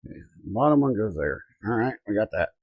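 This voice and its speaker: A man's voice: on the low side, very animated, fairly quick, dry recording, lo-fi sound. Chatty man streaming from his workshop. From Colorado. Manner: muttering to himself, reading chat aloud. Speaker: livestream host. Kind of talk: casual live-stream chat while working.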